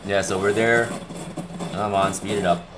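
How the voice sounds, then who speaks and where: Casting: young male streamer, low voice, loose rambling storyteller, faint room noise behind. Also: steady tone, a little slow. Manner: chatty, rambling, repeats himself. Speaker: livestream host. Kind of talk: casual livestream storytelling.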